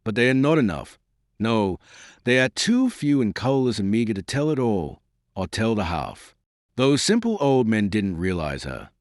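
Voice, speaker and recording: A man narrating an audiobook novel in a reverent, measured storytelling manner. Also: lowish voice, sing-song, no room sound, studio quality. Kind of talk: scripted narration.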